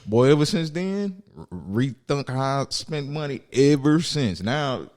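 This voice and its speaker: A man's voice: medium pitch, a little slow. A young man co-hosting a podcast, chatting casually and acting out quotes as he tells stories. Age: young adult. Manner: animated storyteller, acts out quotes. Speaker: podcast co-host. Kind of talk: casual chat.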